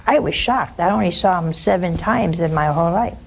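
A woman's voice: fairly low pitch, brisk, vocal fry, a little hiss or hum. An older woman, a nun, giving a spiritual talk with personal stories, plain-spoken and speaking straight to her listeners. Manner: plain-spoken, storytelling, addresses listeners directly.

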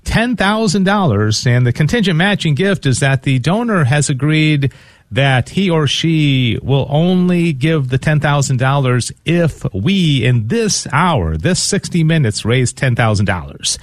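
A man's voice: on the high side, animated, measured pace, no room sound. Upbeat man hosting a radio fundraiser. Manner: earnest and upbeat, with frequent fillers and restarts. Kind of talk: live Catholic radio fundraising talk.

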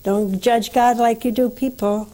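Older woman, nun, slow sermon delivery, mellow tone, higher pitch, earnest rhetorical questions. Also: steady tone. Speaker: nun hosting a call-in religious program. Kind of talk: sermon and call-in counsel.

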